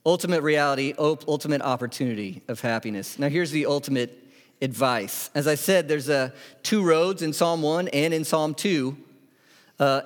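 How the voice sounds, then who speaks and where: A man in his thirties preaching a sermon as pastor, conversational and animated, with asides and acted-out quotes. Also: on the high side. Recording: echoey hall.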